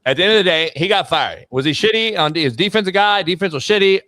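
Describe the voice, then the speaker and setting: Profane, blunt sports show host. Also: male voice, sits high, animated, fast, bright, forceful tone, no room sound. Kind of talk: casual profane sports rant.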